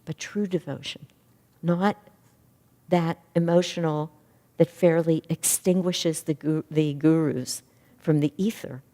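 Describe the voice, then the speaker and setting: A woman's voice: deep voice, slow. Middle-aged woman minister teaching a class, earnest and thoughtful, with a long echo from the hall. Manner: earnest, reflective, lively when retelling stories. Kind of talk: spiritual class talk.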